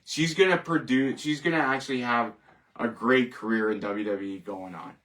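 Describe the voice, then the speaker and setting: A man's voice: medium pitch, fairly even intonation, moderate pace, fairly bright tone, far from the mic. A man hosting a casual solo show, rambling, joking and laughing at his own jokes. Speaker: host. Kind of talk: casual solo wrestling commentary.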